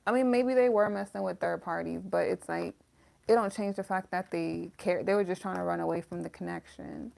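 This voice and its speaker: Woman doing a tarot reading to camera, real gravelly creaky voice, chatty and emotional. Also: lowish voice, a little fast, darkish tone. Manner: emotional, talks straight to viewers as "y'all", swears. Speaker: tarot reader.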